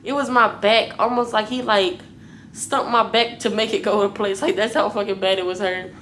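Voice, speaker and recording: A woman's voice: medium pitch, normal speed, slight background noise. A young woman vlogger casually telling her viewers a story, blunt and full of swearing. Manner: profane, blunt, animated retelling.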